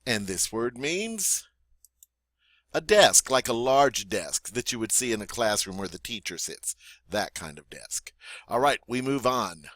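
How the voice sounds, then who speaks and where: A man with a bright, forward voice runs a French vocabulary lesson, saying each word slowly and clearly and leaving room for students to repeat. His delivery is friendly and encouraging, with a lively, rising and falling pitch. The sound is dry and close, with no room echo. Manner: slow, deliberate model pronunciation with pauses for repeating. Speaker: French teacher.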